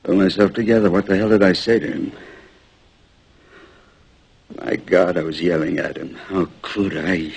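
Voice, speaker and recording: An actor in his sixties playing a worn-out, proud old salesman who rambles, pleads and bursts into shouting. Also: lowish voice, expressive, unhurried, creaky, breathy edge, full character voice, poor audio. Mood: dazed. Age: 60s. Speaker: aging traveling salesman. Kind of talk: film drama acting.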